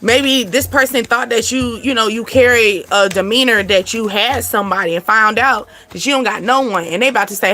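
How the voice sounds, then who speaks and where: Woman w doing a card reading, chatty and repetitive, kinda high bright voice. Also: fairly quick, hardly any pauses. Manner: chatty, repetitive, laughs often. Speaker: tarot card reader. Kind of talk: casual spiritual card reading.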